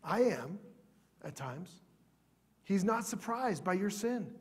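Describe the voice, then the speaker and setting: A man pastor preaching a sermon in a church, earnest, sometimes dropping to a soft, prayerful tone. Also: high voice, animated, measured pace, slightly rough.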